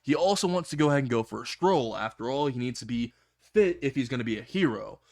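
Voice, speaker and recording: A man's voice: mid-range voice, animated, fast talker, darkish tone. A man telling a comedic fan-fiction story in a casual way, laughing at his own jokes and swearing freely.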